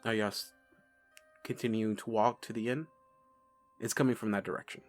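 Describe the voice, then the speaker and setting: A man narrating as game master of a tabletop game, halting and unhurried. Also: on the low side, fairly even intonation, faint music behind.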